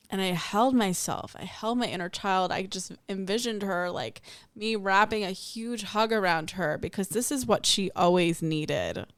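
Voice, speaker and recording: A woman's voice: medium pitch, animated, normal speed, no room sound, studio quality. A young adult woman hosting a spiritual podcast, telling a personal story in a candid, reflective way and acting out the voices in it. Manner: candid, storytelling with acted-out quotes.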